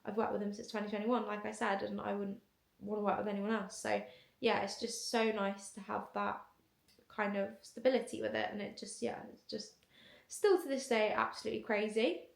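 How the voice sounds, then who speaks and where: A woman's voice: medium pitch, level tone, a little fast, creaky. A young woman telling a casual story to camera in a chatty way, full of fillers. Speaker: content creator. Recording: echoey room.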